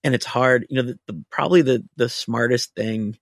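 A man's voice: mid-range voice, steady tone, a little fast, creaky, no echo, clean studio sound. A man, a writer, telling a long casual anecdote on a podcast, full of fillers and restarts. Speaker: writer guest.

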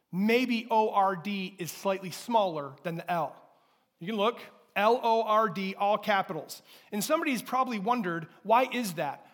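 A man preaching a sermon to his congregation as pastor, emphatic, moving between loud declarations and quiet asides, and asking the room to repeat lines after him. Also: sits high. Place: church sanctuary before a congregation.

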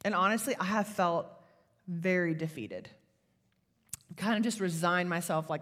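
A woman's voice: lowish voice, normal speed, a bit bright. Give me an earnest, middle-aged woman speaking to an audience in a big echoing hall. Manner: earnest, confessional, builds to fervent. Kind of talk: faith talk to an audience. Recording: long hall reverb.

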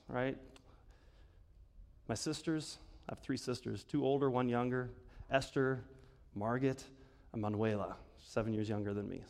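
A man preaching a conversational sermon as pastor, asking the congregation questions and laughing often. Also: mid-range voice. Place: church sanctuary. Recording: long reverb of a church hall.

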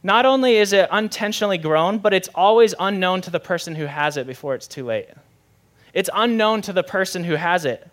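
A man's voice: high-pitched, lively intonation, fairly quick, a bit bright. A young adult man, a pastor preaching a sermon in a conversational, candid way with self-deprecating humor.

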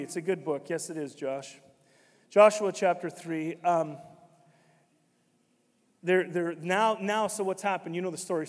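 A man preaching a sermon as pastor, swinging from quiet, conversational stretches to sudden loud, emphatic shouts. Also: a little high, big-room sound.

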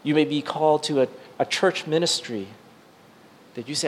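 A middle-aged male pastor preaching a sermon, telling a personal story with frequent restarts and fillers, swinging between excited bursts and hushed, quiet moments. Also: a little high, normal speed, slight background noise.

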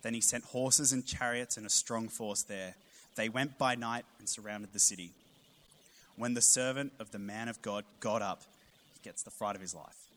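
A man, preaching a sermon with humorous storytelling and animated emphasis. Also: lowish voice, moderate pace, slight background noise. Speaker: pastor.

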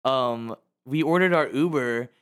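American man, easygoing guest, reflective, trails off, mid-pitched. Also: unhurried, fairly bright tone, smooth. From United States. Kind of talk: casual chat.

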